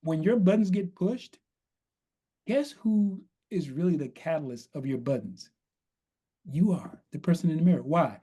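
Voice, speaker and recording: A man, a consultant guest on a podcast, explaining in a measured way and often checking in with "right?". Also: on the high side, expressive, mellow, breathy edge. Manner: measured, repeats "right?", acts out sample dialogue. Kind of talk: podcast interview, coaching explanation.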